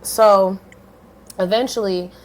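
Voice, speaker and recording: A woman in her thirties, a podcast guest telling her story in a lively, blunt way, swearing casually and switching voices when she quotes people. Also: slow, a little hiss or hum. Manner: animated, swings pitch widely when quoting others.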